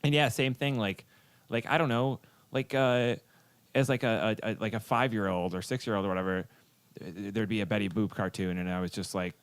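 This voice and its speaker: A man's voice: fairly low pitch, fairly even intonation, fairly quick, clear, resonant tone, no room sound. Rambling man hosting a podcast. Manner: rambling, many fillers and restarts. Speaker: podcast host. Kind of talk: casual chat.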